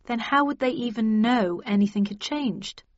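A woman's voice: on the high side, moderate pace, dry recording, muffled recording, lightly acted. A woman voicing a firm, coaxing woman agent. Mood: curious. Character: brisk, level-headed woman book agent.

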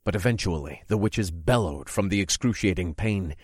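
A man narrating a dark first-person story in a measured, dramatic reading. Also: sits low, breathy edge, no room sound, studio quality.

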